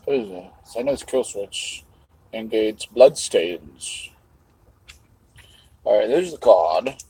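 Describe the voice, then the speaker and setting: Husky man rambling on a livestream. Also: on the low side, lively intonation, slow, mellow, poor audio. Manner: rambling, swears casually, talks to chat while eating. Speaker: livestream host. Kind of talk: rambling live chat.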